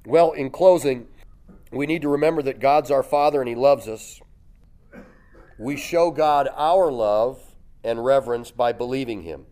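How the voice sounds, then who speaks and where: A man preaching a sermon, telling the story lively, acting out voices and chuckling often. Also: mid-range voice, a little slow. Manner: lively storytelling, acts out voices with loud jumps.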